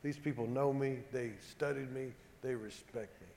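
A man telling a humorous, self-deprecating story to a live audience, animated and acting out the dialogue. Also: medium pitch, moderate pace. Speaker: former football player giving a talk. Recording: echoey hall with long reverb.

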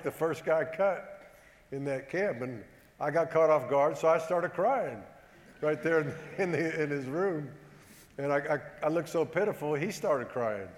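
A man telling a humorous, self-deprecating story to a live audience, animated and acting out the dialogue. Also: a little high. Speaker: former football player giving a talk. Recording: echoey hall with long reverb.

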